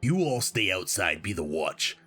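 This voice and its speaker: A man putting on a low, slow, growly New York accent for a sly half-vampire mobster. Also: sing-song, pushed and bright, soft background music, exaggerated voice. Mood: scheming.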